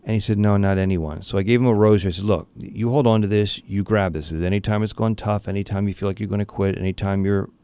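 A man, a priest, speaking in an interview and telling a story earnestly, with frequent restarts and lively animation. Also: lowish voice, fast, hardly any pauses, clear, resonant tone, no echo.

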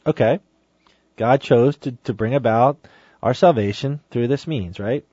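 A man's voice: medium pitch, lively intonation, normal speed, dark tone, husky, no echo. A man giving an emphatic Catholic teaching talk on a saint's sermon, exhorting listeners and reading passages aloud. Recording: dry, dull lo-fi sound.

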